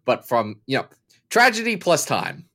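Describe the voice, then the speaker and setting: A man who grew up in Kentucky co-hosts a casual podcast chat. His voice sits at a middling pitch. He jokes freely and slides into long, lecturing explanations. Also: very animated, moderate pace, fairly bright tone. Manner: joking, prone to long explanatory tangents. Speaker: podcast co-host.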